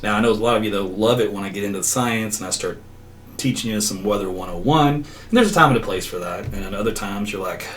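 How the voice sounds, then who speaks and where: A middle-aged meteorologist hosts a casual livestream, talking fast in a fairly low, slightly bright voice as he wanders onto tangents and laughs a lot. Soft music plays behind him, and the mic sits a bit far off with faint background noise.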